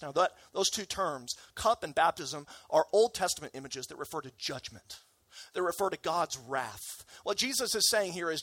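A man preaching a sermon, lively and emphatic, asking rhetorical questions and acting out the disciples' lines. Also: high-pitched, dry recording. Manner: animated, acts out disciples' voices, rhetorical questions. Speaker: pastor.

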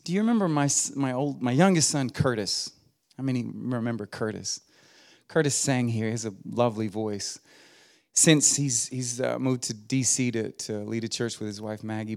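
A man's voice: mid-range voice, a little mellow. A middle-aged man preaching a sermon in a church as a guest preacher, folksy and humorous, rising to emphatic exhortation. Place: church sanctuary.

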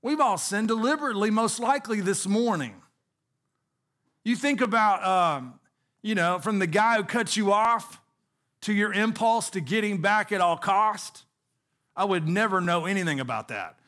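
A man's voice: high voice, normal speed, sharp tone. A middle-aged man preaching a sermon as pastor, earnest, asking the congregation rhetorical questions.

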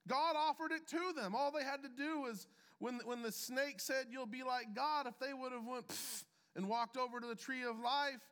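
A man delivering a sermon in a high, bright voice, taking his time over every phrase. He pauses deliberately and lets key words sink low for emphasis. His voice carries the long reverb of a large hall. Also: clear, resonant tone. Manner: measured preaching with deliberate pauses and emphatic drops. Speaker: pastor. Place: church sanctuary.

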